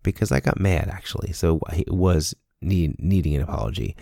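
Earnest male storyteller, deep and mellow, casual monologue, dry recording. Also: animated, normal speed, creaky, dry recording. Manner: earnest, storytelling with quoted dialogue. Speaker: speaker sharing a personal lesson.

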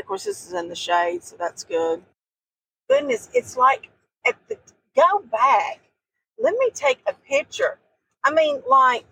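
A woman's voice: high-pitched, vocal fry, a bit bright, a little hiss or hum, rough recording. A middle-aged woman, chatting casually as a podcast co-host while outdoors at sand dunes. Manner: chatty, homespun drawl. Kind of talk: casual travel chat.

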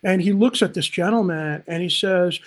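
A man's voice: sits high, normal speed. A man speaking as a pastor on a livestream, upbeat and talking straight to viewers in the chat. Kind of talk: livestream Bible teaching.

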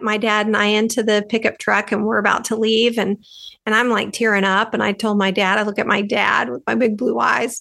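A woman's voice: on the high side, level tone, moderate pace, gravelly, a bit bright. A woman podcast host from the United States, telling a personal story in a chatty, rambling way with lots of "like" fillers.

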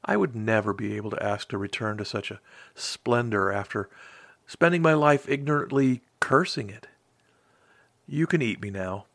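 A man's voice: lowish voice, moderate pace, creaky, a bit bright, dry recording. A man voicing a small, timid carpet beetle that stammers, tearful and full of wonder. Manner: stammering, breathless.

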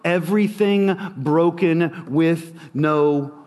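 A man preaching a sermon with a slow, dramatic delivery and long pauses. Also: a little high, darkish tone, big-room sound.

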